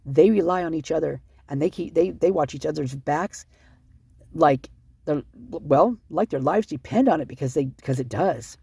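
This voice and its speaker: A vlogger reading out police reports and rambling in commentary, upset and short on sleep, talking fast and cutting themself off. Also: medium pitch, gravelly, dark tone, husky, no echo. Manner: fast, rambling, self-interrupting.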